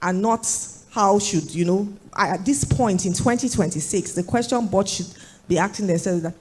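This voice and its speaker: A woman with a hoarse voice from a recent flu, answering as a panelist in a panel discussion with measured points. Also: medium pitch, a little mellow. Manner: measured, rephrases and builds points. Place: conference hall.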